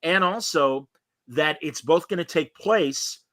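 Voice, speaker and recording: A man's voice: fairly high pitch, slow pace, bright, forceful tone, no room sound. A man hosting a podcast, chatting in a casual, opinionated and rambling way over a video call, full of fillers. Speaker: podcast host. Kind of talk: casual review chat.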